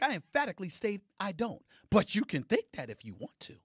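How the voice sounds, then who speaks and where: A man's voice: wildly swooping pitch, a little fast, hardly any pauses, husky, no echo, clean studio sound. Fired-up man on a sports talk rant. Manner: emphatic, swings from loud declarations to low intense remarks. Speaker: sports commentator. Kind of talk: heated on-air commentary.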